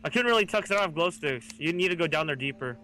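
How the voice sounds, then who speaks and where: A young man chatting casually while playing a game, playful and excitable. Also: fairly high pitch, rapid-fire, slight background noise. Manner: playful, excitable, says silly things. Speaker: gaming guest.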